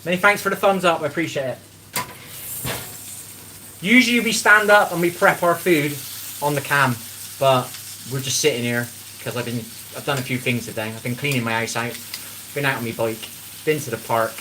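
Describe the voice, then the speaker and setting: A man with a medium-pitched, sharp-toned voice talks at a moderate pace with long pauses, over slight background noise. He hosts a casual live cooking stream from his home kitchen while sitting on a chair, rambling, greeting viewers by name, and swearing freely.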